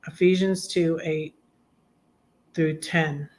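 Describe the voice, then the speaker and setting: A woman hosts a relaxed live stream, chatting and reading her own poems aloud. She is soft-spoken and often sinks into a quiet murmur. Her sentences halt and restart as she thinks aloud. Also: fairly low pitch. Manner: halting, with frequent restarts and trailing off. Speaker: poet and blogger hosting a live stream. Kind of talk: casual live chat and poetry reading.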